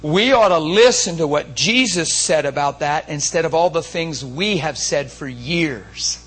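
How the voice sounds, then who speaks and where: A man's voice: on the high side, animated, unhurried, a bit bright, husky, rough recording. A man preaching a sermon in an emotional, emphatic storytelling manner. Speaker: pastor.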